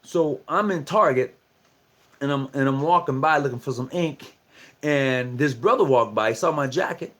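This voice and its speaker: A man's voice: mid-range voice, normal speed, a bit bright. A man giving a casual talk to fellow lodge members, repeating himself and asking rhetorical questions. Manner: conversational and preachy, repeats phrases, asks rhetorical questions. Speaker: lodge speaker addressing fellow Masons. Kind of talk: casual lecture, livestream talk.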